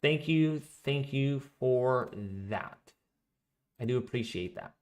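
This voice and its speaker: A man's voice: mid-range voice, takes it slowly. Chatty man hosting a weather live stream. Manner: chatty and rambling, thinking aloud. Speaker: weather livestream host. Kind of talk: casual live-stream chat reading donations.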